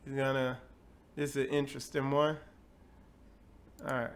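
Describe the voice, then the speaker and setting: A man's voice: mid-range voice, flat delivery, moderate pace. A man hosting a bible teaching webcast, talking loosely and conversationally with plenty of asides. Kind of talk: casual webcast talk.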